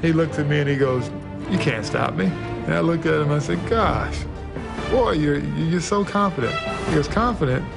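Gravelly guy laughing at himself, bit high voice, music behind. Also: normal speed. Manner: wry, self-mocking. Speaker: former player telling stories. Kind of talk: casual anecdote telling.

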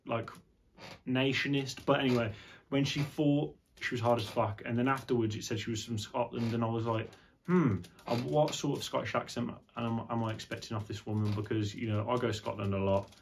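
A man's voice: mid-range voice, a little hiss or hum. A man vlogging casually to camera in a home studio, rambling and sweary, with plenty of fillers. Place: indoor home studio, seated on a squeaky chair.

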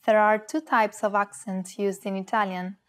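A woman co-hosting a beginner language lesson, reading her parts clearly and carefully. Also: mid-range voice, level tone, moderate pace. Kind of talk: scripted lesson with example words.

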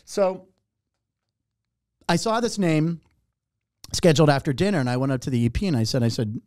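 A middle-aged man, a comedian and warm-up host, telling an animated, profane story and acting out other people's lines. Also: on the high side, normal speed, long pauses, no echo, clean studio sound. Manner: animated, profane, acts out other voices in anecdotes. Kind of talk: casual storytelling.

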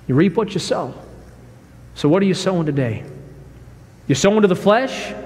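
A man preaching a sermon as pastor, emphatic, swinging from shouts to hushed, quiet lines. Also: on the high side, big-room sound. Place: church sanctuary.

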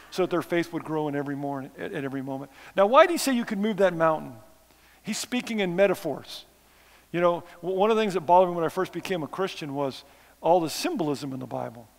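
Self-mocking preacher in a reverberant hall. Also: male voice, high voice. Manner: conversational, self-deprecating, sarcastic asides. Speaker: missionary preacher. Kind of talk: sermon. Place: church sanctuary.

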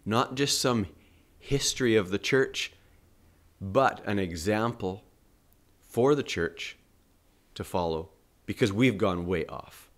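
Slow, hoarse, earnest male preacher. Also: fairly low pitch. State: hoarse morning voice. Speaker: family ministry host. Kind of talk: devotional teaching and Bible reading.

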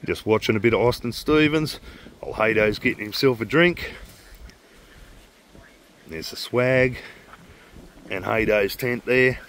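A man's voice: on the low side, measured pace, pauses often, fairly bright tone. An Australian man vlogging outdoors in the bush with casual, enthusiastic commentary on wildlife and views. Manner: enthusiastic, keeps calling things mad and magic. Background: guitar music.

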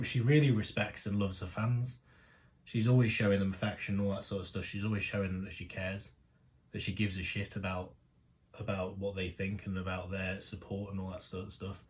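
A man, gushing and swearing freely in casual reaction commentary, breaking into loud exclamations. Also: low-pitched. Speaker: music reaction host.

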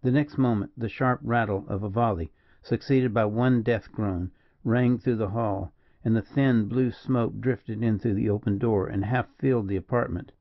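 A man giving a measured, dramatic audiobook narration. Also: fairly low pitch, steady tone, highs cut off. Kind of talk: scripted narration.

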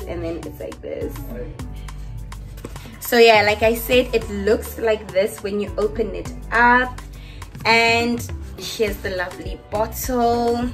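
A woman tells a casual storytime to her camera, lively and chatty, speaking straight to her viewers. Her pitch sits in the middle range for a woman. Faint music plays softly behind her. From South Africa. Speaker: YouTuber.

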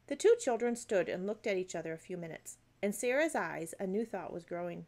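A woman's voice: medium pitch, lively intonation, brisk, hardly any pauses, darkish tone. Woman reading a classic novel aloud. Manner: unpolished, with slips and asides. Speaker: audiobook reader. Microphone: phone.

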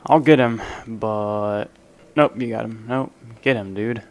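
A young man talking through a round of an online zombie game in a relaxed, joking way, counting his kills and ribbing the random players beside him. He leans in close to his desk microphone so his voice carries over the game. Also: lowish voice, unhurried, slight background noise. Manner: casual, joking banter at other players. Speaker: gaming channel host. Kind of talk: live gameplay commentary. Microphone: desk microphone, leaning in to be heard.

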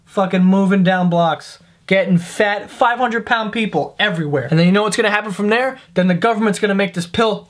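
A man's voice: sits high, a little fast, few pauses. Profane, sarcastic young man ranting. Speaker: comedy vlogger. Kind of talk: comedic rant to camera.

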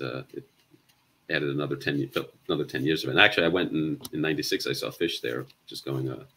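A man with an extremely deep, husky voice talks in a loose, halting way, filling pauses with ums and circling back on himself. It is relaxed guest talk on a chat show. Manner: halting, many ums and restarts. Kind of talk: casual chat.

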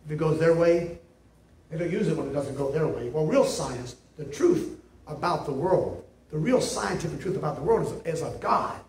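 A man's voice: a little high, animated, moderate pace, a little mellow, slight background noise. A male pastor preaching a sermon in an emphatic, repetitive way, often checking in with "see?". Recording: echoey room, mic at a distance.

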